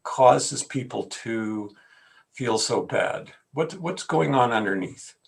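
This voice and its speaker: A man's voice: mid-range voice, expressive, slow, gravelly. A man hosting an interview, asking probing, thoughtful questions. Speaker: interview host.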